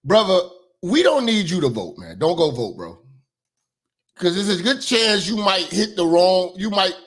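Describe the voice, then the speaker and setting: A man hosting a livestream, talking casually, loud and profane, joking and laughing often. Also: sits high, big pitch swings, moderate pace. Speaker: livestream host.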